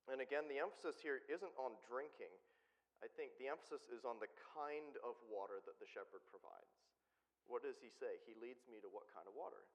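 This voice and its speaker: A man's voice: medium pitch, fairly quick. A man preaching a conversational sermon, often asking the congregation questions. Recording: dull sound with long hall reverb.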